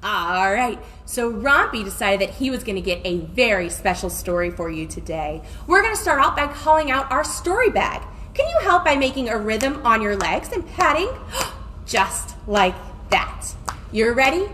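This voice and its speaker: A woman's voice: fairly high pitch, big pitch swings, unhurried, fairly bright tone, a little hiss or hum. A young woman teaching a music and movement class for small children, reading a story and singing in a playful, exaggerated way with lots of gasps. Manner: sing-song, gasping, playful and exaggerated.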